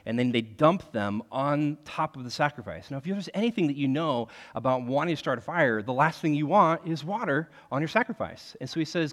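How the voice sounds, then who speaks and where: A man preaching a sermon in an animated, conversational way, leaning on the word "like" as he talks. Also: a little high, brisk, hardly any pauses, big-room sound. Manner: animated, conversational, heavy use of filler "like". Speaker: pastor.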